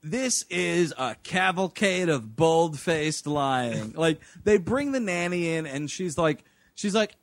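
A man's voice: a little high, slow, dry recording. A man co-hosting a comedy podcast, joking and swearing about a movie. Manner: jokey, lively, swears. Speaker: podcast co-host. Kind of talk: casual comedic movie recap.

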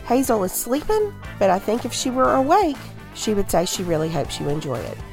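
A woman co-hosting a podcast in casual chat, her voice hoarse from a cough, telling stories with emphatic repeats. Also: medium pitch, wildly swooping pitch, a little fast, faint music behind. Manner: chatty storyteller, emphatic repeats. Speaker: podcast co-host.

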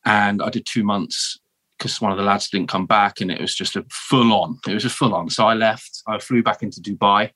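A man with a southern English accent, a guest telling animated, self-deprecating stories in a casual interview. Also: fairly low pitch, normal speed. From south of England. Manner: animated, self-deprecating storyteller with frequent restarts. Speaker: guest, former Marine turned teacher.

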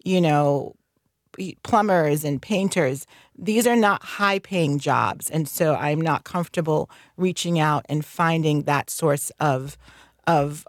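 A woman's voice: low voice, no echo, clean studio sound. A woman who works as a licensed general contractor, talking candidly in a radio interview, chatty and laughing often, with many fillers. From North Carolina.

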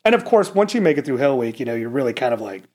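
Reflective American ex-SEAL telling stories. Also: male voice, mid-range voice, sing-song, racing, a little mellow. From United States. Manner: earnest, reflective, with frequent restarts. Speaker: former Navy SEAL officer, guest. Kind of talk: casual conversational storytelling.

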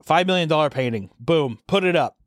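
A man with a fairly high voice that swings up and down a lot, chatting loosely on a podcast. He rambles, curses casually and keeps restarting his sentences. The sound is close and dry. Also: lively intonation, brisk, dry recording. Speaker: podcast co-host.

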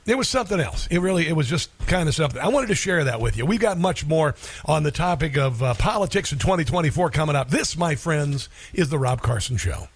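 A middle-aged man hosting talk radio, telling a personal story in a halting way with many fillers and restarts. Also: on the high side, expressive, husky. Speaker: radio talk show host.

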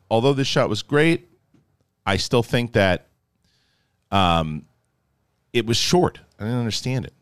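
Low-voiced man doing a casual review. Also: clear, resonant tone, no echo, clean studio sound. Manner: animated, jokey, acts out characters in quick asides. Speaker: film and TV reviewer. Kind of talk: casual spoken episode review.

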